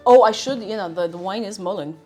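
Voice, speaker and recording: A woman's voice: mid-range voice, brisk, darkish tone, faint music behind. An Irish woman streaming casually while she cooks, chatty and a bit scatterbrained, humming little tunes between thoughts. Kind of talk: casual live-stream chat while cooking.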